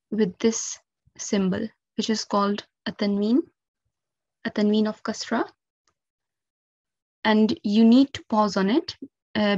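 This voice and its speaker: Slow, patient woman teaching recitation rules. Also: medium pitch, a little mellow, dry recording, highs cut off. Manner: patient, careful step-by-step explanation with frequent 'um' and 'okay'. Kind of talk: instructional lesson.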